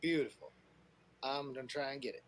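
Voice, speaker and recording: A man's voice: mid-range voice, steady tone, a little fast, slight background noise. A man playing in a tabletop role-playing game, eager and jokey. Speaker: player. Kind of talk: casual tabletop play.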